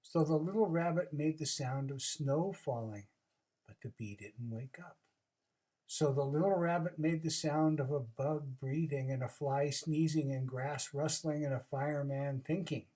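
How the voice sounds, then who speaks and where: A storyteller casually reading a children's book aloud, with chatty asides and expressive narration. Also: mid-range voice, a little slow. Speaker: storybook reader.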